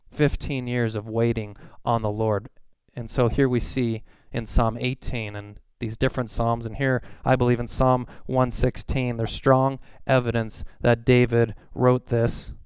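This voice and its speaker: A man's voice: medium pitch, clean tone, no room sound. A man in his thirties preaching a sermon, reading psalm verses and telling stories about his family in an earnest, conversational way. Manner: earnest, conversational, reads scripture aloud. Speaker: pastor.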